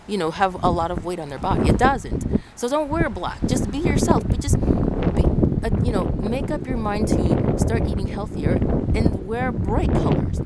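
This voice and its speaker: A woman's voice: mid-range voice, expressive, normal speed. A woman from Ecuador talking to camera outdoors in a casual vlog, giving earnest advice and repeating herself as she goes. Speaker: vlogger. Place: outdoors on a windy day. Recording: loud wind noise buffeting the mic outdoors.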